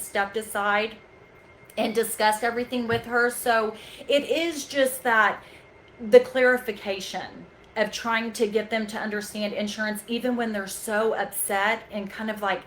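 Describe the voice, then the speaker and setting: A woman calmly telling a staff-training story from a chiropractic front desk, patient and talkative. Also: on the high side, a little hiss or hum, poor audio. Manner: calm, patient, storytelling with quoted dialogue. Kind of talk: casual staff training talk.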